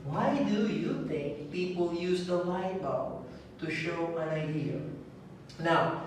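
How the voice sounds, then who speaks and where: Echoey, slow-speaking male English teacher. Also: on the high side, recorded from a distance, a little hiss or hum. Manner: slow and clear, drilling words with a repeated stress. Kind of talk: recorded online lesson.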